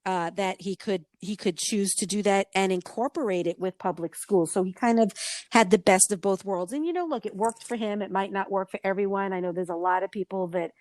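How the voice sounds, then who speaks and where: A woman's voice: mid-range voice, brisk, dry recording. A middle-aged woman hosting a podcast, telling stories in casual chat and acting out the voices she quotes. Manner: animated storyteller, acts out quoted voices. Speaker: podcast host.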